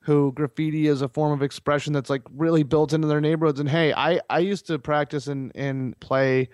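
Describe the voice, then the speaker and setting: A man telling a story as a podcast guest, rambling and filler-heavy, with animated retelling. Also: a little high, a little fast, no echo, studio quality. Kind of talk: casual storytelling.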